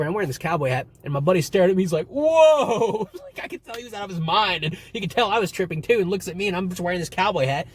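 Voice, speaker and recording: Casual young guy rambling and cussing through wild stories, voice a bit on the high side, slight hiss behind. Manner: rambling, swearing, animated retelling. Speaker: vlogger. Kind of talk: casual storytelling to camera.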